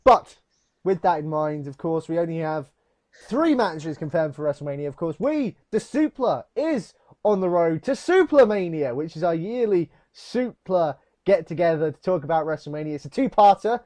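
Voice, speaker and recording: Man co-host with a lively voice. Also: a little high, moderate pace. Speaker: podcast co-host. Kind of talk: casual chat.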